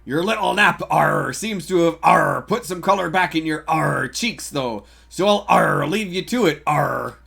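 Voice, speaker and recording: A man's voice: a little high, animated, measured pace, gravelly, few pauses, fairly bright tone, slightly rough, voice pushed up, heavily acted. A man voicing a boisterous male pirate sailor who growls "arr" after every phrase, reading game dialogue aloud. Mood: hammy.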